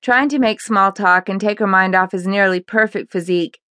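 A woman narrating a fiction audiobook in a steady, even storytelling manner on a close microphone. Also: mid-range voice, moderate pace, clean tone, dry recording.

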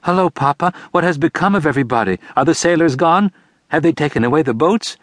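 A man's voice: on the high side, lively intonation, fast talker, a bit bright, no room sound, clean studio sound, voice pushed up. A man voicing an anxious young boy who fires off urgent, pleading questions. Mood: alarmed.

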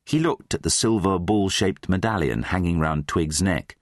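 A man's voice: low-pitched, normal speed, no echo, clean studio sound. A man narrating a children's fantasy audiobook, reading expressively. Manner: expressive, voices many characters. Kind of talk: scripted storybook narration.

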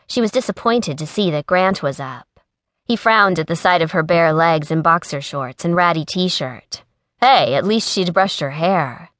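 A woman's voice: lowish voice, a bit bright, no room sound, studio quality. Woman narrating a romance audiobook.

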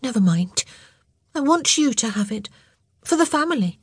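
A woman's voice: fairly high pitch, sing-song, moderate pace, husky, no room sound, clean studio sound, voice pushed up. A woman voicing an earnest, solemn little boy trying to act brave in an audiobook.

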